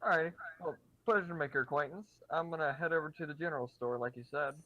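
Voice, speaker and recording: A man playing a tabletop game, asking quick, plain questions. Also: fairly high pitch, highs cut off, slight background noise. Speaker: player. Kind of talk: casual tabletop play.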